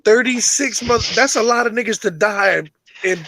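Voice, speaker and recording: A man's voice: sits high, moderate pace, dry recording, rough recording. A man in casual chat, telling crude dirty jokes with lots of swearing and acting out the characters' voices. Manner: crude, animated storyteller doing character voices.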